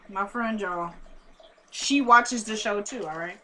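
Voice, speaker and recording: A woman's voice: mid-range voice, slow. A woman recapping a TV episode in a casual, slangy vlog, speaking straight to her viewers and getting worked up at the characters. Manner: chatty, slangy, addresses viewers directly; excitable, talks back at the characters. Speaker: TV episode reviewer.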